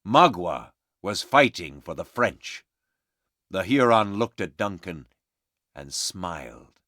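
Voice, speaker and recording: Slow, clear male narrator reading a story for English learners. His pitch rises and falls a great deal as he tells it. The recording is close and dry, with no room sound. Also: very animated, fairly bright tone, no room sound.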